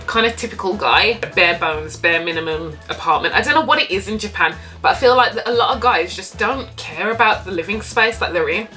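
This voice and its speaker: Bright, candid woman vlogger. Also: medium pitch. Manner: candid, animated, swears freely. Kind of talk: casual storytime.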